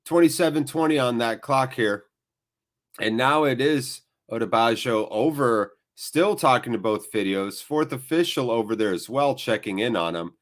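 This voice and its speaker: A man hosts a live match watchalong with sniffly, blocked sinuses. He gives loose, chatty play-by-play that wanders into asides. His voice sits at a medium pitch. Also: lively intonation, moderate pace. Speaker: host.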